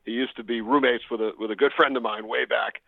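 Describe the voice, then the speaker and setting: A male sports broadcaster answering interview questions in an even, mid-range voice, taking his time with frequent pauses. He comes through a narrow, tinny phone line, dry and without room sound. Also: mid-range voice, gravelly, dry recording. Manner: measured storytelling with frequent "uh" pauses.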